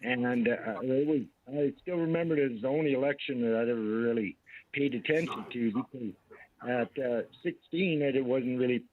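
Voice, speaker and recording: A man in his sixties calling in to a radio show, talking hesitantly with plenty of pauses. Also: medium pitch, slight background noise. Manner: hesitant, lots of uh fillers. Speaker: caller. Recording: dry tinny phone line.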